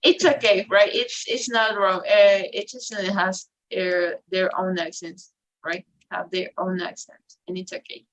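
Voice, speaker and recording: A woman teaching an English class online, talking slowly with many fillers and restarts. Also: medium pitch, steady tone, a bit bright, rough recording. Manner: slow, hesitant, non-native English with many fillers.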